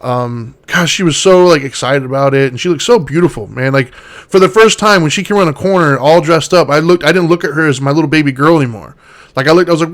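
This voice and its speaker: Earnest man with a higher voice. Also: fast talker, fairly bright tone. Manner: earnest, conversational, hesitant fillers. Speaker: podcast co-host. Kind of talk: casual chat.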